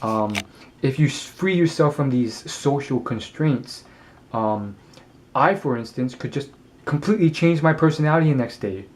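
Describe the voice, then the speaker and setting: A man's voice: medium pitch, expressive, moderate pace, a little hiss or hum. Rambling, hesitant man. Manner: rambling, hesitant, lots of ums. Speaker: vlogger. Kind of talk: casual talk to camera.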